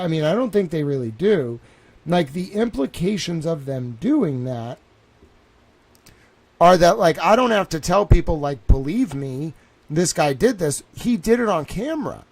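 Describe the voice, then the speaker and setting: Young male streamer talking from home, rambling and worked up, a touch high-pitched. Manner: excitable, repeats himself, says "bro" and "like" a lot. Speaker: live streamer. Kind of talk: rambling live stream monologue.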